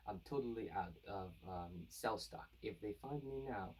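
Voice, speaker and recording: A man's voice: on the low side, measured pace, darkish tone, slightly rough. Man reading as a cornered weakened monster. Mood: panicked. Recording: voice distant from the mic.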